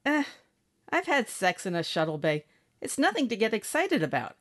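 A woman's voice: mid-range voice, big pitch swings, normal speed, lightly acted. A woman voicing a brash, snappish spacefaring bosun. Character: tough, blunt young woman ship's bosun. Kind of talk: audiobook character acting.

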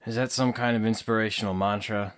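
A man voicing a smooth, flirtatious male antiques dealer in an audiobook, easygoing and teasing. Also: on the low side, fairly even intonation, fairly quick, fairly bright tone, natural voice. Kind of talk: audiobook character acting.

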